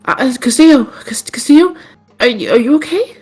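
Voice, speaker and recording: A woman's voice: high-pitched, lively intonation, fairly quick, darkish tone, husky, faint music behind, pitched above the performer's own voice. A woman doing a stammering, anxious young woman.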